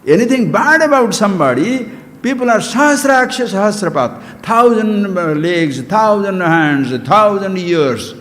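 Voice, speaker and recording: A man with an Indian accent delivers a spiritual discourse, his voice pitched high for a man. He talks emphatically, scolds his listeners and throws rhetorical questions at them, and the long reverb of a hall trails each phrase. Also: expressive, unhurried, a bit bright. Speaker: spiritual teacher.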